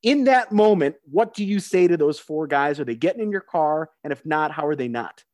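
A man's voice: fairly high pitch, expressive, brisk, darkish tone, no echo. A man hosting a talk show, telling a story to his co-hosts and putting questions to them. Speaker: radio show host. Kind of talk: casual storytelling chat.

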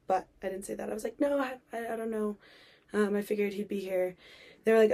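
A woman's voice: mid-range voice, fairly even intonation, fast talker, warm tone. A young woman hosting a podcast, telling a personal story in a chatty way with many fillers and acted-out quotes. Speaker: podcast host.

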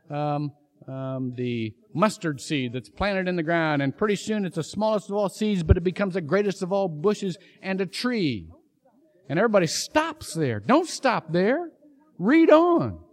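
A male pastor preaches in a church with a high, lively voice that swoops widely. He tells stories with sudden emphatic bursts. His delivery is animated throughout. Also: measured pace. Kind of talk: sermon. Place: church sanctuary.

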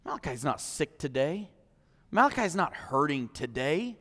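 A man preaching a sermon as pastor, impassioned, swinging from loud declarations to hushed, personal moments. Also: fairly high pitch, big pitch swings, moderate pace. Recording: long hall reverb.

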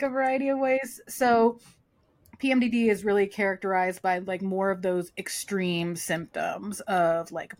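A woman co-hosting a podcast, talking casually with many fillers and "like"s. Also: medium pitch. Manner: chatty, lots of fillers and "like". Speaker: podcast co-host. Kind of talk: casual chat.

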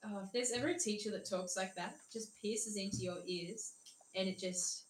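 A woman's voice: medium pitch, normal speed, slight background noise. A young woman co-hosting a podcast in casual chat, giggly and swearing, jumping between jokes. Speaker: podcast co-host. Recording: echoey room.

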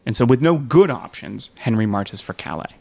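A man's voice: medium pitch, expressive, moderate pace, vocal fry, darkish tone. A man hosting a casual history podcast, telling the story with frequent fillers and read-out quotes. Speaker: podcast host.

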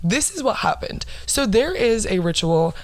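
A young woman talks through a casual podcast conversation with lively energy, laughing easily and cursing freely. Her voice sits at a middle pitch for a woman. The sound is dry and close, with no room around it. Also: moderate pace, dry recording. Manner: animated, laughing, swears freely. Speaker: podcast host.

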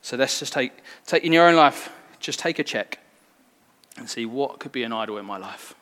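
A man's voice: mid-range voice, animated, moderate pace, a bit bright. A man preaching a sermon in an earnest, conversational way that draws in the congregation. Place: church hall. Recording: long reverb in a hall.

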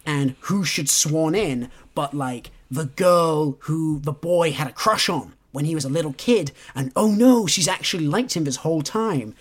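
A man's voice: fairly high pitch, unhurried, few pauses, breathy edge. A man co-hosting a podcast in casual book chat, teasing his co-host playfully and laughing often.

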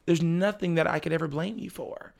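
Gravelly-voiced young man telling a story. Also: on the high side, fairly quick. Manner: animated, acts out family members' lines; laughs often while talking. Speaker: podcast guest. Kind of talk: casual storytelling chat.

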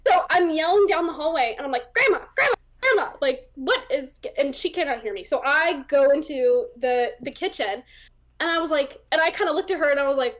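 Chatting casually as a guest in an interview, this young psychic medium speaks briskly in a high voice. She uses lots of fillers and performs the voices of the people in her stories.

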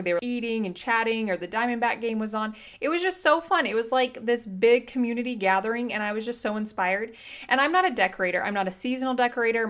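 A woman in her thirties hosting a podcast, telling a story in a chatty, animated way, full of slang and fillers. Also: on the high side. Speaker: podcast host. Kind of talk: casual storytelling monologue.

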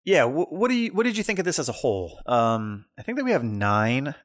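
Young male podcast co-host, chatty storyteller, lively pitch, dry close sound. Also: brisk, no room sound. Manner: animated, rambling storyteller. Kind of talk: casual chat.

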